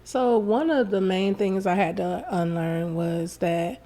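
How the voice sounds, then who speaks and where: A woman's voice: mid-range voice, steady tone, takes it slowly, mellow. Woman guest on a podcast, earnest and open, telling her own story. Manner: candid, earnest, acts out quoted dialogue. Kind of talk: personal storytelling in an interview.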